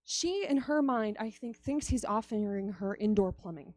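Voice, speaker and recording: A woman's voice: medium pitch, lively intonation, moderate pace, darkish tone, no room sound. A woman giving a conversational youth sermon, chatty and laughing often as she acts out stories. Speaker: youth speaker.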